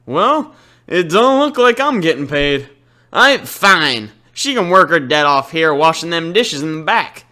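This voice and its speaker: A man voicing a gruff, bossy Southern American sushi bar owner with a put-on Southern drawl. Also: a little high, very animated, unhurried, sharp tone, exaggerated voice.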